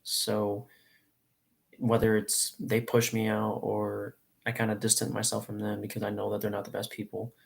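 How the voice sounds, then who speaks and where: Young man, late teens, livestream chat, low-ish voice, gravelly, earnest, rambling. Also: monotone, moderate pace. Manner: earnest, rambling, openly emotional. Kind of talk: casual live stream chat.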